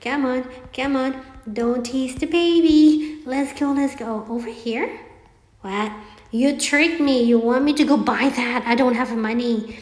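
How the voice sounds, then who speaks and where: Excitable woman narrating her gameplay. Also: sits high, a little slow. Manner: chatty, excitable, talks to herself and viewers. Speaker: gameplay streamer. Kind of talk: live gameplay commentary. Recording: echoey room with long reverb.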